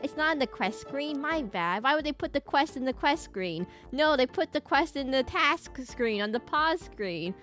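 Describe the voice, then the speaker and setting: Chatty high-voiced woman streamer. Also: animated, normal speed, hardly any pauses, fairly bright tone, soft background music. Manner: rambling, chatty, frequent laughs and self-interruptions. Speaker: VTuber game streamer. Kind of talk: casual live-stream chat.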